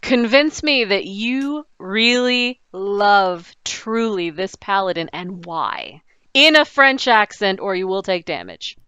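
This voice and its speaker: A woman's voice: mid-range voice, expressive, slow pace, bright, forceful tone, clear, resonant tone, dry recording, dull audio. Playful woman game master. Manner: playful, teasing rulings. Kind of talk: running a tabletop game over a call.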